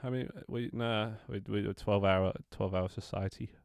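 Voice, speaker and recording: Livestreaming his game development, a man with a congested nose rambles and jokes casually, poking fun at himself and swearing now and then. His lowish voice is creaky yet a little mellow, with a clear, resonant tone, fairly even intonation, and a moderate pace. The studio sound is clean, without echo.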